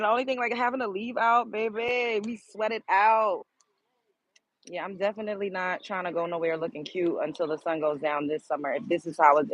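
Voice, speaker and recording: A woman's voice: lowish voice, lo-fi sound. A woman hosting a live stream, chatting casually and exclaiming straight to her viewers. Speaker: livestream host.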